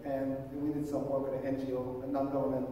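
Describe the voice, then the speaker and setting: A man's voice: mid-range voice, completely flat delivery, quick pace, noisy background. A man from Jamaica, preaching a sermon in a conversational storytelling way and acting out the people he quotes. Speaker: pastor. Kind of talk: sermon with personal stories. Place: church auditorium. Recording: echoey church hall, mic at a distance.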